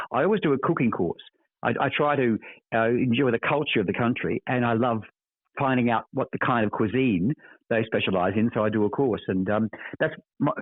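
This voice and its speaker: An older Australian actor's medium-pitched voice comes through a dry, tinny, phone-like connection with no room sound. Guesting on a podcast, he spins casual anecdotes expansively, repeating words as he looks for them.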